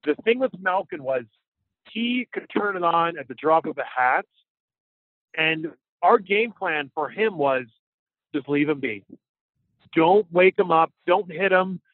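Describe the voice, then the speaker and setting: A man with a high-pitched voice co-hosts a casual sports podcast, drifting from joke to tangent in easygoing banter. His voice comes through a thin, phone-like line with no room echo at all. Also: lively intonation, unhurried, pauses often. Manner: playful, rambling banter. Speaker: podcast co-host. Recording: dry, tinny phone-like line.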